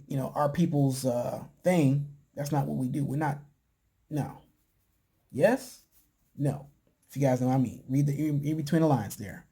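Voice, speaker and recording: A man casually recapping a reality show, talking in a relaxed, chatty way with lots of fillers and putting on voices for quotes. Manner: laid-back, chatty, lots of "you know" and "man"; acts out quotes in a higher voice. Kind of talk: casual chat.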